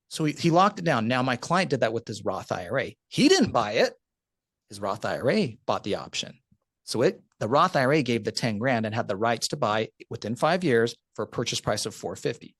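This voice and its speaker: Animated storytelling man, dry close sound. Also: medium pitch, fairly quick, no echo. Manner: animated, lively storyteller with rising emphasis. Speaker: podcast guest, retirement account specialist. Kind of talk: conversational storytelling.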